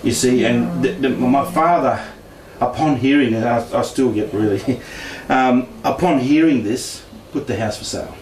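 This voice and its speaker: A man's voice: mid-range voice, normal speed, few pauses. Chatty man in an echoey room. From Australia. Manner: chatty, laughs often, acts out quoted voices. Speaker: speaker sharing paranormal experiences. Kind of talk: casual storytelling talk. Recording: echoey room, distant mic, faint noise.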